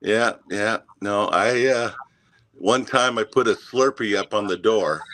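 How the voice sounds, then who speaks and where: Man, guest storyteller, deep-ish voice, halting, lots of fillers, chuckles. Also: fairly bright tone, no echo. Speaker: guest, Santa performer. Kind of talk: casual chat, storytelling.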